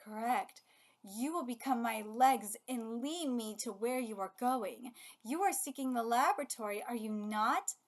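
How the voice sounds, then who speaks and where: A woman reading the lines of a bloodthirsty mutant parasite creature aloud in a slow, flat, commanding way. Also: fairly high pitch. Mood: menacing.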